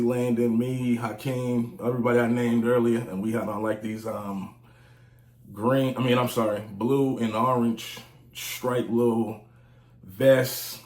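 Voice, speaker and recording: A man in his forties telling stories in a casual vlog, loose and slangy, often saying "you know what I'm saying". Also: medium pitch. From United States. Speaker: vlogger, music reviewer. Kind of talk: casual storytelling monologue. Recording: roomy echo.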